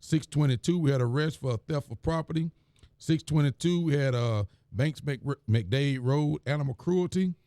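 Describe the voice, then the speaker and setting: A man's voice: on the high side, moderate pace, mellow, no room sound, clean studio sound. A man, a county sheriff, reading the week's reports and talking in a plain, folksy way on a live stream. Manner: plain, folksy, repeats phrases.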